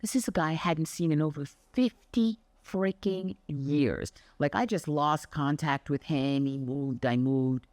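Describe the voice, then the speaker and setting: A woman's voice: low voice, unhurried, few pauses, dry recording. Emphatic older woman, Pilates coach. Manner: emphatic and expressive, acts out anecdotes. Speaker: Pilates instructor. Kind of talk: motivational monologue.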